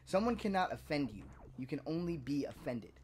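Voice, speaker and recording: Male co-host, slightly high pitch, frank and profane, rambling delivery. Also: sing-song, a little fast, darkish tone, slight background noise. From Puerto Rican family. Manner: candid, profane, rambling with restarts. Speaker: gaming stream co-host. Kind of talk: casual chat.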